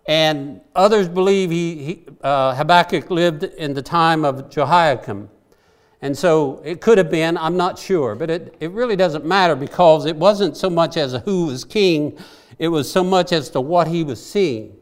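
A man's voice: fairly high pitch, a little slow. A man preaching a sermon, earnest and conversational, rising into impassioned pleas.

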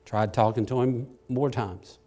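A man's voice: medium pitch, measured pace. Folksy preacher man telling a story. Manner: folksy, self-deprecating, rises to excited bursts. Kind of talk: sermon storytelling.

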